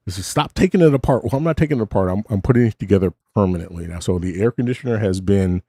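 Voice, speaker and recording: Low, mellow middle-aged male host rambling. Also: rapid-fire, breathy edge, dry recording, studio quality. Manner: rambling, self-interrupting, wry asides. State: short on sleep. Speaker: host of a late-night stream. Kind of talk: casual rambling talk. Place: home studio. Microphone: studio mic with cough button.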